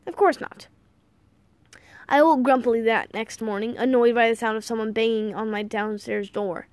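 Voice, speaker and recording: A woman narrates an audiobook with wry, playful delivery. Her voice sits a little high, and the recording is dry and close with no room around it. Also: steady tone, moderate pace, darkish tone, no echo.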